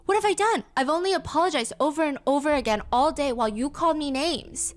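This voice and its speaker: Woman doing calm young man, even cadence, de-escalating, soft. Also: sits high, quick pace, voice pushed up, natural voice. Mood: pleading.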